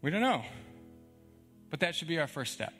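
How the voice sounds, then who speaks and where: Young male pastor, casual emphatic sermon delivery, slightly high voice, soft music bed. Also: very animated, normal speed. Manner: conversational, emphatic, frequent "like" and chuckles.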